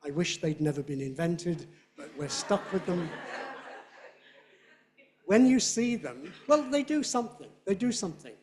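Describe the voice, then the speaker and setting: A middle-aged man with a Southern British accent giving a playful, animated lecture on phonetics and demonstrating sounds aloud. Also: high-pitched, measured pace. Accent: Southern British English. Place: lecture hall.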